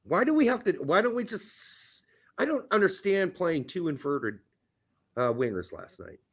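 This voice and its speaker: A man with a high-pitched voice chats about soccer on a casual podcast. His delivery is blunt and profane, and his pitch swings widely as he argues. He sounds heated and outspoken throughout. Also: sing-song, normal speed, fairly bright tone, slightly rough. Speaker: podcast host. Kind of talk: casual sports chat.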